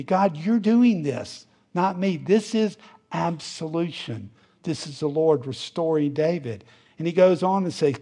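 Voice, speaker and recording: A man's voice: fairly high pitch, lively intonation, unhurried, mellow, slightly rough. A man preaching a sermon in a conversational way, with fillers, rising to fervent emphasis at times.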